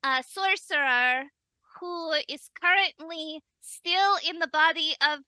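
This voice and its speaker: Bright, high-voiced woman player. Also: takes it slowly, no echo. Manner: cheerful, slightly scattered. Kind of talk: casual podcast chat.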